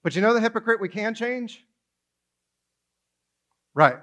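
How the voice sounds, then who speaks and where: A man with a high voice preaches to his congregation. He is animated and conversational, and he keeps throwing rhetorical questions at his listeners. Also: a little slow. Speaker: pastor. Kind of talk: sermon.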